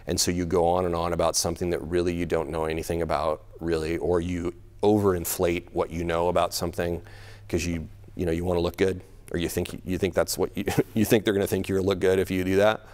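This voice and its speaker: A man's voice: deep voice, flat delivery, a little fast, a little mellow. A middle-aged man preaching a sermon in a church, conversational, laughing often and repeating words as he thinks. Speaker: pastor.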